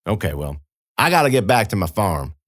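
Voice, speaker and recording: Audiobook role: a plainspoken, kind young farm woman with a folksy drawl, voiced by a man lifting his pitch, dry studio sound. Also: big pitch swings, fairly quick, a bit bright, no echo. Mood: coaxing.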